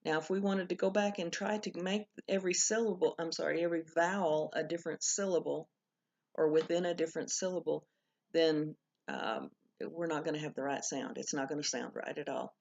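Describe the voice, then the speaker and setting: A woman's voice: sits low, fairly even intonation, fairly quick, vocal fry, a little mellow. A woman teaching a Spanish class in a recorded video lesson, explaining patiently and correcting herself as she goes. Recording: dull lo-fi recording.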